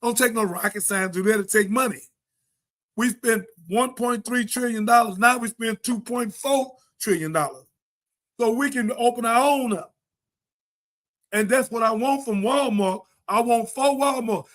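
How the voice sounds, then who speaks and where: Fiery high-voiced preaching radio host. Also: male voice. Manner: impassioned, preacher-like, shouting at times.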